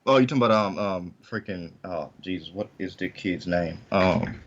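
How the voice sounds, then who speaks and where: A man's voice: sits low, normal speed. Laid-back wisecracking man, dull lo-fi sound. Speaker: podcast co-host. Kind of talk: casual chat.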